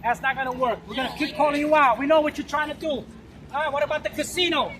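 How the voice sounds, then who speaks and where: A man confronting someone at an outdoor rally, loud and accusing, repeating his points over and over. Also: extremely high pitch, steady tone, fast talker. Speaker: street advocate. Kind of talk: heated street confrontation. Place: city street rally outdoors. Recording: noisy street with crowd and traffic.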